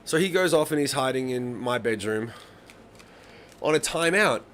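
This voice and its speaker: A man's voice: medium pitch, animated, normal speed, a bit bright, a little hiss or hum. A man in his thirties hosting a live songwriting stream, chatting casually and swearing freely as he tells rambling stories. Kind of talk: casual chat to a live audience.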